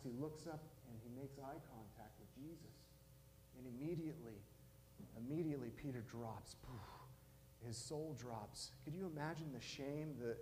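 A man's voice: mid-range voice, normal speed, mellow, a little hiss or hum. A pastor, a man in his thirties, preaching a sermon as a casual retelling, acting out dialogue with many fillers. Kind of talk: sermon storytelling. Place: church sanctuary. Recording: long church reverb, faint ambience.

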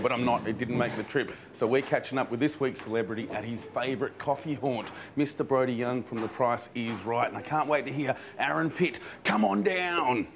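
A male TV host with a mid-range voice, bright and matey as he presents and asks questions. His patter is quick and upbeat. A faint hiss of noise runs behind him. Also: mid-range voice. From Australia. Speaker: TV motoring show host. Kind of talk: presenting and interviewing.

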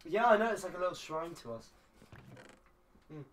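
A streamer chatting casually through a game, chatty and quick to burst into excitement. The voice sits back from the mic. A steady background noise runs under every word. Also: medium pitch, recorded from a distance, poor audio. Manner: chatty, gives loud excited outbursts. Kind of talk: casual gaming chat.

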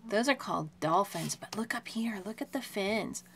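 Homeschooling mom, young adult woman, average pitch, lively questioning read-aloud to a small child, faint background hiss. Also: normal speed, creaky, few pauses. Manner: animated, questioning, explains simply to a child.

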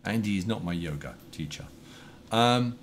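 A man's voice: lowish voice, lively intonation, moderate pace, a crowd in the background. A man chatting casually while he plays and streams a game, thinking aloud with plenty of fillers. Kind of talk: casual chat while playing. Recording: noisy home stream audio.

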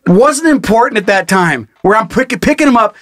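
A man co-hosting a podcast, telling a story in casual chat with lots of swearing and animated asides. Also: high-pitched, moderate pace, a little hiss or hum. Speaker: podcast co-host.

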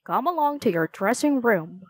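A woman voicing a bustling, booming male theater manager in a children's storybook, speaking in hurried, commanding bursts. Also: expressive, slightly rough.

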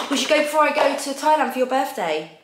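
A woman's voice: high-pitched, big pitch swings, a little fast. Chatty english woman gushing over makeup, echoey room, bit of hiss. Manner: gushing, chatty, enthusiastic about products. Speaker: beauty vlogger host. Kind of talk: casual unboxing chat. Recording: echoey room with faint noise.

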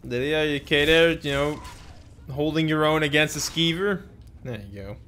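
A man's voice: on the high side, moderate pace, fairly bright tone, slight background noise. A young man casually commentating a live game stream, rambling, joking and swearing freely. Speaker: gaming streamer.

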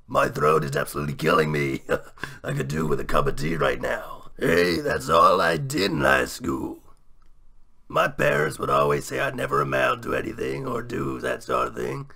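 A young male impressionist talks casually in his own voice between bits. He speaks slowly, with a gravelly edge. Now and then he laughs aside. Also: mid-range voice, expressive, bright, forceful tone. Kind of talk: casual chat.

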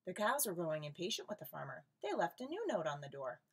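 Expressive woman teacher reading a picture book aloud. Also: fairly low pitch, quick pace, creaky, breathy edge. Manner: expressive, animated storytelling with asides to young students. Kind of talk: read-aloud storytime for children.

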